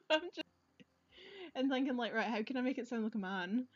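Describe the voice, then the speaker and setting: A woman's voice: a little high, moderate pace, muffled recording. A woman chatting casually while playing a game, laughing often and poking fun at herself. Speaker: let's-play streamer. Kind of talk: casual game commentary and reading dialogue aloud.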